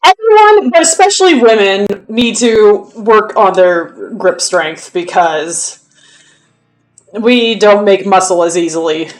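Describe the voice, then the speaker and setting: A woman's voice: medium pitch, animated, slow. A young woman chatting casually on a live stream, answering viewers' questions in a loose, talkative way. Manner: chatty, answers chat, counts reps under her breath.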